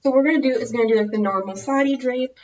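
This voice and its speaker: A woman with a Minnesotan American accent talks casually through a tutorial, her voice sitting a little high. She rambles, loses her thread and corrects herself mid-sentence. The sound is dull and lo-fi, like a basic home video. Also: very fast, darkish tone. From United States. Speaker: vlogger.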